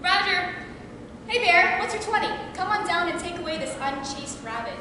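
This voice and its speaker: A woman's voice: very high-pitched, lively intonation, moderate pace, crowd noise, voice pushed up. A woman playing a bossy crow who radios orders over a walkie-talkie in a playful way. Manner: radio-style commands, playful. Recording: echoey hall recorded from far off.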